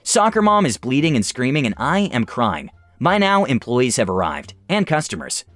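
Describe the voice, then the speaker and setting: Young male story reader, expressive and animated, mid-pitched, dry close sound. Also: moderate pace, no echo, faint music behind. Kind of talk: reading online stories aloud.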